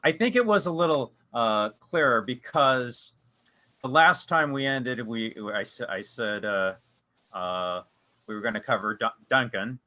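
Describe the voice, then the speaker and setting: Bright-voiced man leading a casual discussion. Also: mid-range voice, lively intonation, measured pace. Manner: rambling, with many restarts and fillers. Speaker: discussion group leader.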